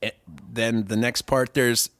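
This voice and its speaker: A man's voice: medium pitch, little pitch movement, measured pace, a bit bright, no echo, clean studio sound. A man co-hosting a casual comedy podcast, sarcastic and crude, making blunt jokes. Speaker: podcast co-host.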